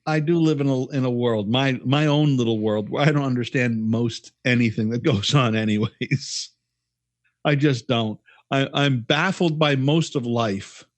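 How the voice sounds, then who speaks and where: A man who is a regular on a podcast, talking in casual comedic chat in a halting, stammering, self-deprecating way. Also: medium pitch, no echo.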